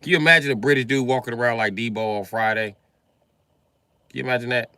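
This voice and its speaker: A man's voice: mid-range voice, steady tone, quick pace, pauses often, sharp tone, clean tone, no room sound. An American man doing a live-stream comedy rant, riffing and swearing, and repeatedly addressing one listener. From United States.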